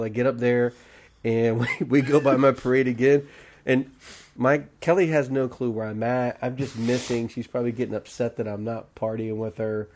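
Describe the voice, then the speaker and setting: A young adult man who hosts a barbershop podcast tells a rowdy story among friends, his voice medium-pitched at a normal speed. Animated and freely profane, he acts out the other people's lines in their voices.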